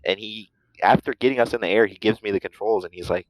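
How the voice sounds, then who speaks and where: A man's voice: fairly low pitch, quick pace, no room sound, poor audio. A young man in his twenties, a student pilot and podcast guest, talking in an easygoing, rambling way with lots of fillers. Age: 20s. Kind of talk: casual interview chat.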